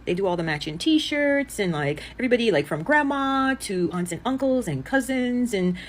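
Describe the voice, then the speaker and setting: A woman's voice: a little high, lively intonation, moderate pace, a little hiss or hum. A woman from Jamaica chatting casually and affectionately, with lots of "like" fillers. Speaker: commentator. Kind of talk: casual opinion chat.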